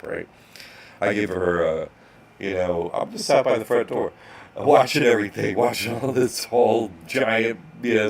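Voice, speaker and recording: A man's voice: fairly low pitch, creaky. A man casually telling a rambling story as an online course instructor, restarting sentences and acting out bank clerks.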